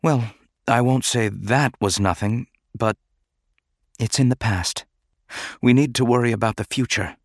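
A man voicing a composed young woman senator who is quietly grieving, soft and restrained. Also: mid-range voice, a little slow, pauses often, no room sound, clean studio sound. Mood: wistful.

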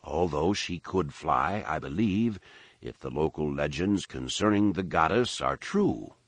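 A man voicing a calm, wry old man who talks in a controlled, quiet way and chuckles. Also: a bass voice, measured pace, no room sound, full character voice. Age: older. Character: calm, wry older man leaning on a staff. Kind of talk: audiobook character reading.

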